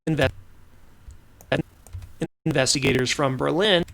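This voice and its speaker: A man's voice: fairly high pitch, takes it slowly, gravelly, a bit bright, slight background noise. A man reading medical research news for a podcast, often stumbling and restarting on technical terms. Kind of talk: reading science news script.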